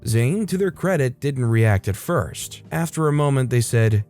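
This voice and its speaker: A man narrating a reddit story in a steady, even scripted read. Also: medium pitch, moderate pace, hardly any pauses, soft background music.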